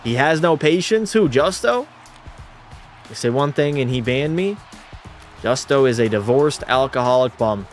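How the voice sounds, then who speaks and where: A young man hosts a live hockey watch party, calling plays and trading blunt, jokey banter with his chat. His mid-range voice has lively intonation and a measured pace, over soft background music.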